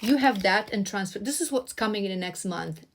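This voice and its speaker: A woman's voice: mid-range voice, expressive, brisk, background noise. A woman doing a tarot reading to camera, effusive and earnest, often restarting her phrases and repeating herself. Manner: earnest, emotionally stirred. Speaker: tarot reader.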